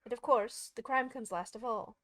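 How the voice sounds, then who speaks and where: A woman voicing a flustered, kindly queen with a fussy, wailing manner, a little higher than her own voice. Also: moderate pace, fairly bright tone, no room sound, close to an everyday voice. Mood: careless.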